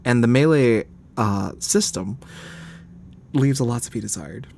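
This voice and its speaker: A man's voice: mid-range voice, lively intonation, unhurried, creaky, darkish tone, a little hiss or hum. A man streaming a game, chatting casually, laughing often and grumbling about the game.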